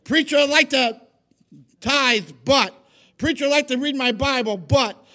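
A man's voice: very high-pitched, a little slow, pushed and bright, pitched above the performer's own voice, full character voice. Man mimicking an excuse-making churchgoer. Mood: mocking. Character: excuse-making churchgoer, adult, half-hearted.

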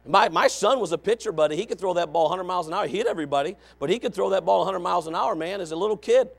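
A middle-aged male pastor preaching a revival sermon, with an emphatic, repetitive cadence, dropping to low asides and rising to shouted exhortation. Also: very fast, gravelly.

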